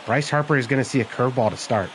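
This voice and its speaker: A young man giving live, excitable commentary over his baseball video game, groaning and cheering at each pitch. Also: rapid-fire, background noise. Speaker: gaming channel host.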